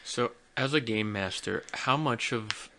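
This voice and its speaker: A man in casual conversation, relaxed and curious, asking questions with easy laughs. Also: medium pitch, measured pace. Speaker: guest filmmaker.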